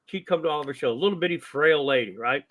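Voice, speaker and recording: An older man with a voice that sits a little high talks as a guest on a casual podcast. He is a veteran wrestling promoter who tells long, animated stories and acts out the lines of the people in them. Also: fast talker, lo-fi sound. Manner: animated storyteller who acts out quoted dialogue. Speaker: guest, longtime wrestling promoter and ring announcer.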